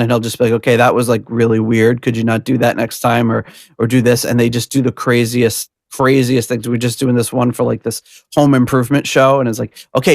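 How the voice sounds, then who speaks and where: Gravelly, laughing podcast host man. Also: medium pitch, no echo, studio quality. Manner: rambling, laughing, with fillers and restarts. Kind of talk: casual podcast chat.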